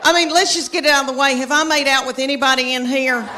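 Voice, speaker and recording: A middle-aged woman, telling chatty, animated stand-up comedy stories on stage. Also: high-pitched, quick pace, background noise. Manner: folksy, chatty, animated storytelling. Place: stage before a live audience.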